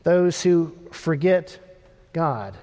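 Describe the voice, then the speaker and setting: A man delivers a sermon with a notably high voice, taking his time and leaning on measured pauses. His words carry a long reverb, as if spoken in a large hall. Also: expressive, dark tone. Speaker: preacher.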